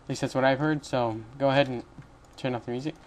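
A young man hosts a casual screen-recorded coding tutorial, talking fast in a steady, medium-pitched voice over slight background noise. He rambles, corrects himself along the way, and stays chatty with little laughs.

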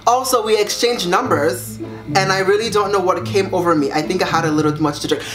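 A young man reading viewer secrets aloud on his vlog, sassy and dramatic, jumping up high in pitch to make a point. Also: a little fast, fairly bright tone. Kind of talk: casual vlog reaction. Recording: echoey room with music behind.

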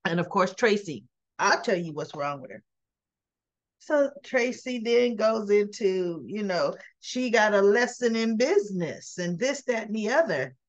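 A woman's voice: medium pitch, expressive, unhurried, dull audio. A woman vlogger casually recapping soap opera scenes in a chatty, giggly way, acting out the characters' lines. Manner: chatty, giggly, acts out the quotes.

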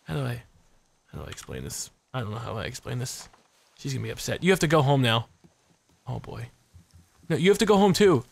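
A man hosting a let's play video, excitable and joking, swearing freely and jumping between muttering and yelping. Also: mid-range voice, a little fast, vocal fry, pauses often. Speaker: gaming channel host. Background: game music.

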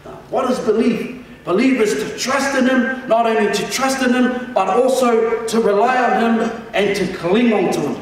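A man's voice: extremely high pitch, moderate pace, heavy reverb, big-room sound, distant mic, a little hiss or hum, low-quality recording. A man preaching a sermon as senior pastor in a church, calling the congregation to respond and often restarting his words.

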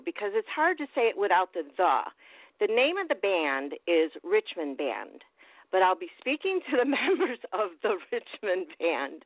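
A woman's voice: medium pitch, dry recording. A woman hosts a casual radio interview, bubbly and laughing often. Her voice comes through thin and tinny, like a phone line, and it sounds dry and close. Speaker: radio host.

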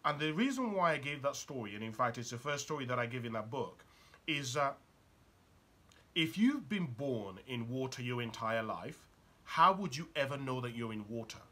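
A man gives a motivational talk in a bright, slightly husky voice. His pitch swings widely as he presses the listener with one probing question after another. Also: animated, moderate pace. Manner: urgent and probing, fires rhetorical questions at the listener. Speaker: motivational speaker and author.

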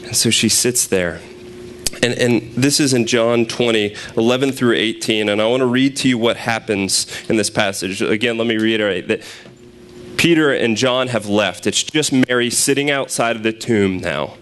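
A young man gives a sermon in a casual, conversational tone, retelling a story with lively shifts and small restarts. His voice sits in a middle pitch. A faint noise runs under the recording. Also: normal speed. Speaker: preacher.

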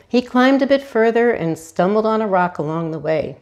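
A woman reading a children's storybook aloud as a volunteer, animated and chatty with her young listeners. Her pitch sits in the middle but swings widely and expressively. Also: normal speed, hardly any pauses. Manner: animated, asks listeners questions. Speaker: hospital volunteer reader.

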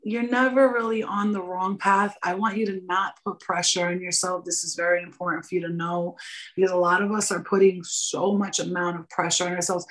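A woman in her thirties, a podcast guest and energy coach, talking about spirituality in an animated, preachy and profane way. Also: on the low side, brisk. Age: 30s. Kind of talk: casual spiritual podcast talk.

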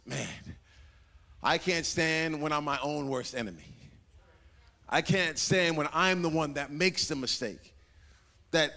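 A man's voice: fairly high pitch, sharp tone, big-room sound. A man preaching a sermon as pastor, dramatic and acting out voices, repeating phrases for emphasis. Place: church sanctuary.

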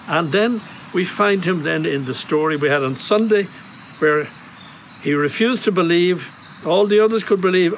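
An Irish priest giving a reflective homily outdoors at a grotto, telling stories in a gentle, conversational way. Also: male voice, on the high side, normal speed, slight background noise, poor audio. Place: outdoor grotto on monastery grounds.

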